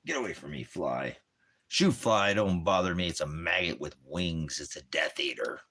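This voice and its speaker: A man's voice: extremely low pitch, lively intonation, normal speed, creaky, pushed and bright, husky. A man hosting a ministry stream from home, rambling in a casual monologue full of puns and rhyming wordplay. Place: at home with a dog and a fire.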